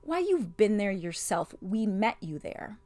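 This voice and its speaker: A woman's voice: mid-range voice, very animated, unhurried, warm tone, dry recording. A woman voicing a schoolboy who speaks in an exasperated, urgent way. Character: impatient schoolboy fighting an enchantment.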